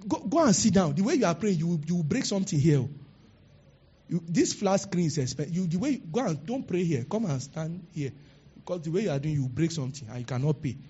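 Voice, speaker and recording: A male preacher delivers a lively sermon and acts out the people in his stories. His voice sits high and swings widely in pitch, with a husky edge. The recording is dull and lo-fi. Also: a little fast, pauses often. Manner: animated preaching, acting out quoted people. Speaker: pastor.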